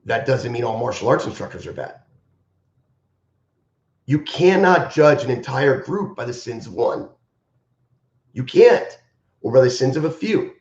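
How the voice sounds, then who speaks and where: A man's voice: mid-range voice, very animated, measured pace, pauses often, a little mellow. Man martial arts instructor on a live stream, impassioned and emphatic, roomy dull audio. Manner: impassioned and emphatic, repeating key phrases.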